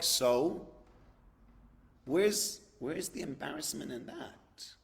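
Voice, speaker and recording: Male rabbi, casual sermon, reenacts dialogues, slightly high voice, echoing hall. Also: normal speed, a bit bright. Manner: conversational, acts out dialogues, repeats words for emphasis.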